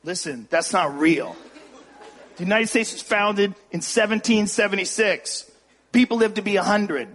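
A man doing a stand-up comedy set, ranting and often shouting. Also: sits high, normal speed. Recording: live club with long reverb and crowd. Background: audience laughter.

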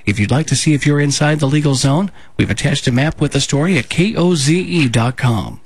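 A man in a radio studio reading local news bulletins in a steady, measured delivery. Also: a little high, husky, no room sound. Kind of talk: scripted local news read.

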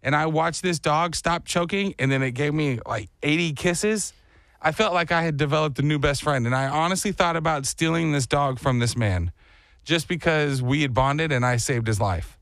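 A man's voice: on the high side, normal speed, fairly bright tone, no echo, studio quality. A young man co-hosting a morning radio show, animatedly telling a story and acting out sounds and voices.

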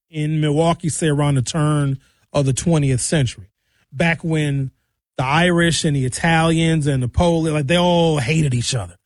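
A man ranting through a solo commentary, with a somewhat high voice. He speaks with emphatic, sarcastic force, and the sound is dry and close. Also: dry recording. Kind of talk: ranting monologue.

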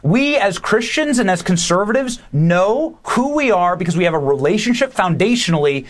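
A man appearing as a guest commentator, talking emphatically and rapidly in a preachy tone. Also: high-pitched, expressive. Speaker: guest podcaster. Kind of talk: political commentary.

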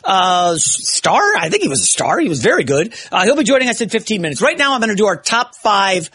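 A man filling in as a sports radio host, talking in an excitable, rambling way and often correcting himself mid-sentence. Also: high voice, fast talker, breathy edge.

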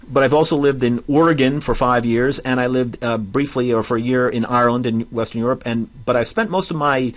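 A man from New Jersey with a New Jersey accent, co-hosting a history podcast as a professor, explaining in halting, restarting sentences. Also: medium pitch. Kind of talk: casual scholarly discussion.

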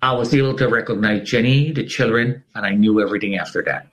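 A middle-aged man giving an emotional personal testimony as an interview guest, telling it dramatically with big swings in pitch. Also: fast, fairly bright tone, poor audio.

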